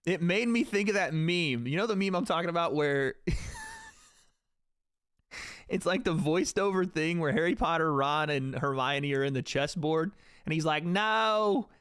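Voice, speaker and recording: A man's voice: a little high, fairly bright tone, clear, resonant tone, no room sound, clean studio sound. A young man hosting a livestream, joking and swearing casually as he talks to his chat. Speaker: streamer host.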